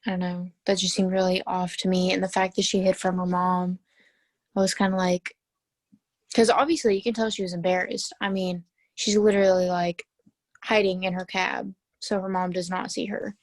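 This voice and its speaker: A woman's voice: fairly low pitch, level tone, moderate pace, no room sound. A teenage girl on a video call, chatting emphatically about a book with classmates. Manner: emphatic, talkative. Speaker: student in book discussion. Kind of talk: casual video call discussion.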